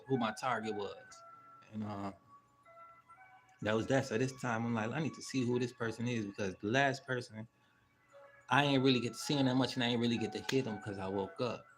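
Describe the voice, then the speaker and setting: A medium-pitched, slightly bright male voice belongs to a channel host telling a story. It's casual and meandering, heavy on slang and swearing, with plenty of fillers and tangents.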